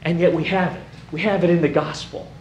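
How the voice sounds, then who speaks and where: High-voiced preacher in a roomy church. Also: male voice, fairly quick, slight background noise. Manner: animated, rises to shouting for emphasis. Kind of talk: sermon. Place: church sanctuary.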